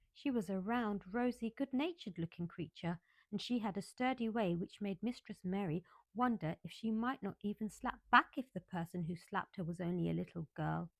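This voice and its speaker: A woman reading a classic children's novel aloud as a bedtime story, in a calm, measured way. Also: mid-range voice, vocal fry, no room sound.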